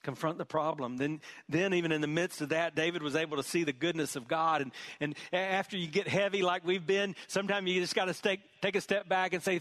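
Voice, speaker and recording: A man's voice: a little high, fairly quick, fairly bright tone, no echo. A middle-aged male pastor preaching a sermon in an earnest, emphatic way, often repeating words.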